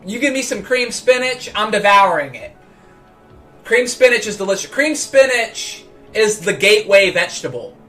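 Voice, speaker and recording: High bright-voiced livestreaming man. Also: very animated, moderate pace, soft background music. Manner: rambling, stammering repeats. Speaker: livestream host. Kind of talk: casual livestream chat.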